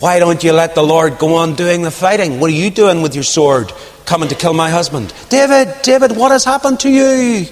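A quick-witted biblical woman pleads and then scolds in a raised, strained voice, as a preacher puts her on. The voice climbs high with urgency. A long reverb trails every phrase from the hall. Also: animated. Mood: pleading.

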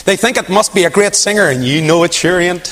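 A man preaching a dramatic sermon, swinging from loud rising questions to hushed near-whispers. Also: high-pitched, brisk, slight background noise. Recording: long hall reverb.

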